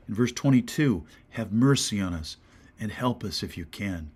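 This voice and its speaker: A man with an American accent, a pastor giving a short devotional sermon, earnest and questioning, sometimes dropping to a soft whisper. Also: lowish voice, expressive, moderate pace, breathy edge.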